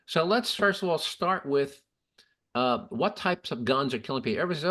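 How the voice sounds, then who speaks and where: A man's voice: fairly high pitch, lively intonation, brisk, sharp tone. Opinionated man hosting a podcast. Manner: opinionated, argues with statistics. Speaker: podcast host. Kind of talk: casual political chat.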